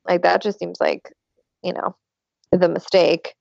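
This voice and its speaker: A woman's voice: fairly low pitch, little pitch movement, a little slow, creaky, a little mellow, dry recording, highs cut off. A woman co-hosting a podcast in casual, chatty talk with plenty of fillers. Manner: chatty, lots of fillers, laughs often. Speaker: podcast co-host. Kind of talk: casual chat.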